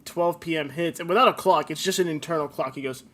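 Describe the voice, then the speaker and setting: A man's voice: fairly high pitch, fast, pushed and bright. A man in his twenties co-hosting a comedy podcast, joking around, laughing often and reading listener stories aloud. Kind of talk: casual comedic chat.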